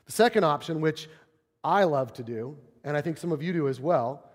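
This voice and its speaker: Preacher, male, slightly high voice, lively delivery with hushed low asides, long hall reverb. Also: normal speed. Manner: animated, acts out quoted voices, drops to soft low tones for emphasis. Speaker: pastor. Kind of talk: sermon.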